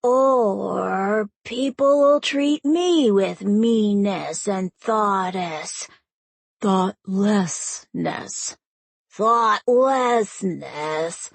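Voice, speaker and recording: A woman voicing a rowdy seven-year-old boy who shouts and whines. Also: high voice, lively intonation, takes it slowly, no echo, pitched above the performer's own voice, exaggerated voice. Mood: whiny. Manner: loud, shouty, whiny.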